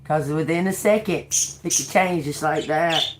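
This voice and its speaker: A woman tarot reader with a deep voice speaks unhurriedly in a casual, rambling monologue. She's blunt, sarcastic and swears a lot, laughing between remarks, on a noisy home recording.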